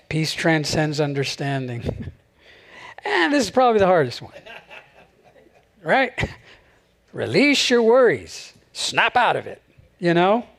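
A man with a notably high voice preaches to his congregation. He keeps it light and chatty, with frequent little laughs between phrases. His tone stays friendly and unhurried throughout. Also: sing-song, gravelly, a bit bright. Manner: conversational, chuckles often between phrases. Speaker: pastor. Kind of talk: sermon. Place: church service.

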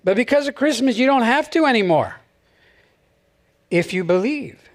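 A man with a notably high voice preaches to his congregation. He keeps it light and chatty, with frequent little laughs between phrases. His tone stays friendly and unhurried throughout. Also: animated. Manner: conversational, chuckles often between phrases. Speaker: pastor. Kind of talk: sermon. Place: church service.

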